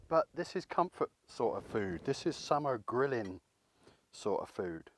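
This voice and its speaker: Man, from England, cooking channel host, casual chatty demonstration, rambling, mid pitch. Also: big pitch swings, a little slow. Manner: chatty, rambling, self-deprecating.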